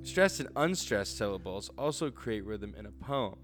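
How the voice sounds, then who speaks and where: A man's voice: on the low side, expressive, normal speed, music in the background. A man co-hosting a casual comedic chat, reading writing tips aloud with jokey asides. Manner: reads tips aloud with jokey asides, tags lines with "right?". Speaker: co-host.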